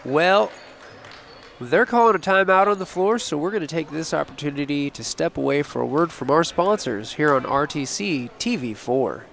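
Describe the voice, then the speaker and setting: A man calling a high school basketball game play by play, briskly naming each pass and foul as it happens. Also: animated, vocal fry, fairly bright tone. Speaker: play-by-play announcer. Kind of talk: live basketball play-by-play commentary. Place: high school gym broadcast table. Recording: noisy gym with ball bounces behind.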